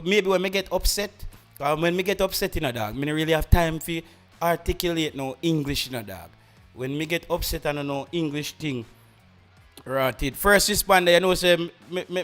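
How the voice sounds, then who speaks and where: A man's voice: fairly high pitch, fairly bright tone. Rambling Jamaican man mixing patois and English. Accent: Jamaican rural. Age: young adult. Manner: rambling, mixes patois and English, many restarts. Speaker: podcast host. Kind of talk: casual chat.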